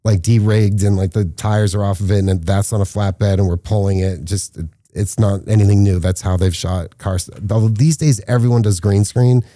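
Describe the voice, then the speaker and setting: Dark-voiced man telling animated set stories. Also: moderate pace, hardly any pauses, no echo, clean studio sound. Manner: animated storyteller, acts out quotes with rising pitch. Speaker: filmmaker guest. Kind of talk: casual podcast interview storytelling.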